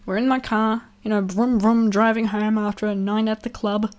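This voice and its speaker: A woman's voice: medium pitch, little pitch movement, normal speed, darkish tone. A young woman telling a personal story in a casual vlog, rambling, swearing freely, laughing often and acting out what others said. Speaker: vlogger.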